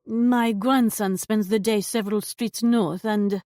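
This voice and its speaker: A woman's voice: mid-range voice, steady tone, measured pace, a little mellow, dry recording, studio quality, pitched above the performer's own voice, close to an everyday voice. A woman doing a defensive shopkeeper with a fake French accent. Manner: indignant, evasive, accent slipping in and out.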